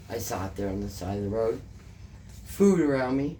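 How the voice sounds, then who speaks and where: Her bass voice is expressive and mellow, moving at a moderate pace, with a slight hiss or hum behind it. Speaking Canadian English, she recounts an emotional story in a relaxed interview, cursing frequently and circling back over the same points.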